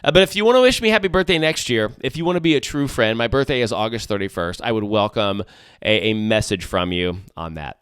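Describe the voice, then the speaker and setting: A middle-aged man hosts his own solo podcast, chatting casually with lots of jokey asides and restarts. His fairly low, fairly bright voice is fast with lively intonation, and the close-miked sound is smooth with no echo.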